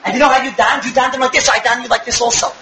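A young man giving an animated religious lecture to a live audience, firing rhetorical questions with bursts of shouting. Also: very high voice, racing, roomy sound, background noise. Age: young adult. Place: room with an audience.

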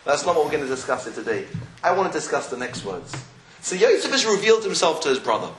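A man's voice: fairly high pitch, big pitch swings, fast, a bit bright. Man teaching Torah in an echoey room. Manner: storytelling, with rising questions. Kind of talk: Torah class on the weekly portion. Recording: echoey room, faint noise.

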